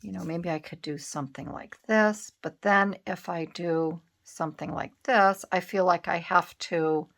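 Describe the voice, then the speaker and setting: A woman's voice: lowish voice, steady tone, measured pace, creaky, few pauses, fairly bright tone. A middle-aged woman vlogging in casual chat while making a collage, rambling with many fillers and restarts.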